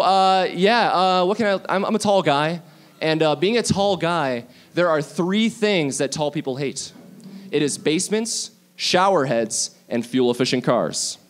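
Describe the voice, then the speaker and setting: Rambling young stand-up comic, high voice. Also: male voice. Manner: rambling, self-deprecating, drops to mock-low voice for asides. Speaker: stand-up comedian. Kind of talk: stand-up comedy set. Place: bar stage with audience.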